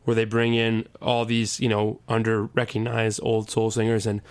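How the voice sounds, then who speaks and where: A man's voice: lowish voice, completely flat delivery, normal speed, clear, resonant tone. A man, a soul singer, chatting casually in an interview, rambling with lots of restarts and fillers. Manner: rambling, many restarts and "you know". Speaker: soul singer and guitarist, guest.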